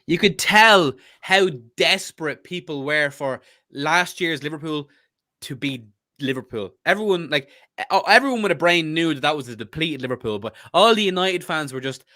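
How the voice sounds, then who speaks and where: A man with an Irish accent chats about football in a lively, swooping voice that sits a touch high. His tone is bright and sharp, and he rants, swears and laughs freely. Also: normal speed. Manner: animated, profane, laughing ranter. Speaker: podcast co-host. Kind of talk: casual football chat.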